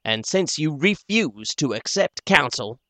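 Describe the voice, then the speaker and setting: A man reads a stern chairman holding order over an angry crowd, firm and measured. The voice sits close to a plain man's, slow and dry in an audiobook sound. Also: fairly high pitch, animated, bright, forceful tone, no room sound, pitched above the performer's own voice. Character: stern male chairman of a mob trial. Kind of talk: audiobook character voice.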